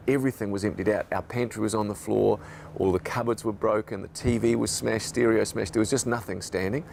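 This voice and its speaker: A man's voice: on the low side, gravelly, darkish tone, slight background noise. A New man, a radio broadcaster, recalling events in a documentary interview with reflective, emotional storytelling.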